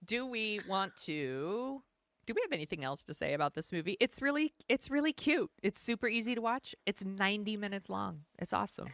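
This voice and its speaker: A woman's voice: mid-range voice, animated, a little fast, a bit bright, no room sound, studio quality. A woman in her forties co-hosting a podcast, chatting casually with lots of fillers and self-mocking humor. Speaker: podcast co-host. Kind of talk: casual chat.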